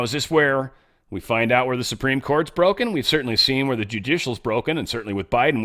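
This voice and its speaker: A man hosting a solo show, reading news excerpts aloud and reacting in a casual, offhand way, often trailing off into low muttered asides. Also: fairly bright tone. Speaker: show host.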